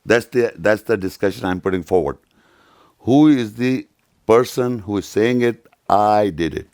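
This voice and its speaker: Low-voiced man, dry close sound, emphatic, repeats his questions, middle-aged. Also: unhurried, a little mellow, dry recording. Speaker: speaker at youth session. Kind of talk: interactive talk with scripture reading.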